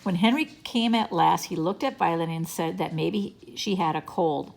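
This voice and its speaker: A woman reading a children's chapter book aloud in a gentle, unhurried storytelling manner. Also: sits low, creaky. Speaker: reader.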